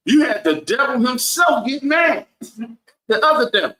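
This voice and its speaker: A man's voice: extremely high pitch, big pitch swings, moderate pace, pushed and bright. Preachy man teaching a bible class. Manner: preachy, asks the room "right?" over and over. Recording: echoey room.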